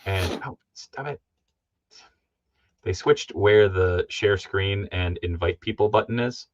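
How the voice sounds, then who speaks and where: A man hosting a livestream, chatting casually about toys in a rambling, excitable way and laughing often. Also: low-pitched, slow, no room sound. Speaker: livestream host. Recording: dull lo-fi stream audio.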